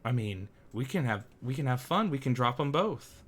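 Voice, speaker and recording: A man's voice: mid-range voice, lively intonation, moderate pace, slightly rough. A man voicing a sly, confident woman traveler with a dry, teasing manner.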